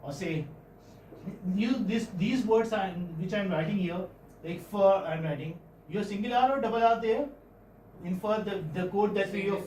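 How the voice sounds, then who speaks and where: A man with an Indian English accent teaching phonetics in a classroom, questioning students and repeating sounds slowly. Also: high voice, darkish tone, slight background noise. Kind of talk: classroom lecture. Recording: echoey classroom, far-off mic, faint ambience.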